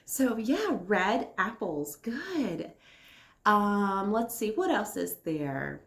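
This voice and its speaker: A woman leading a kindergarten circle time lesson, speaking slowly and encouragingly as she answers imagined children's replies. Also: mid-range voice, sing-song, vocal fry, fairly bright tone, reverberant. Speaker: kindergarten teacher.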